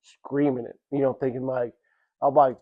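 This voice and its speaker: A man with a gravelly, flat-toned voice shares his personal testimony in a church. He rambles and restarts often, speaking in a loose, everyday way. The recording sounds dull and lo-fi. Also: mid-range voice. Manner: rambling, halting storytelling with many restarts; casual, repeats "you know what I'm saying". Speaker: church member giving testimony.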